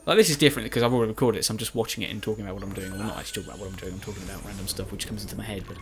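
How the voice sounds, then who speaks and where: A man's voice: lowish voice, racing, a crowd in the background. A man giving chatty, rambling commentary over his own recorded gameplay, joking at his own expense. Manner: chatty, rambling, self-mocking. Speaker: Let's Play commentator.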